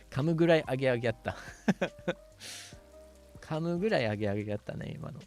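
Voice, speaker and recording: Giggly, lively-voiced male streamer. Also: medium pitch, quick pace, faint music behind. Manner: playful and giggly, mixing English and Japanese, cat-like "nyan" sign-offs. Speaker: streamer host. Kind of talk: casual chat reading viewer messages.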